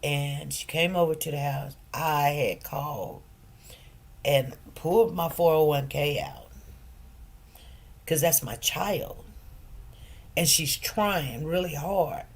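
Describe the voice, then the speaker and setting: A middle-aged woman talking casually on a livestream, telling stories with lively, preacherly emphasis that drops quieter when she turns serious. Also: low voice, slow pace, gravelly, pauses often, husky. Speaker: livestream host.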